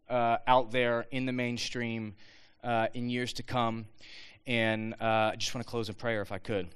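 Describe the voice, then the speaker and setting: A man giving an earnest, animated talk to students, with frequent restarts. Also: medium pitch, measured pace, clean tone. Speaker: speaker addressing students.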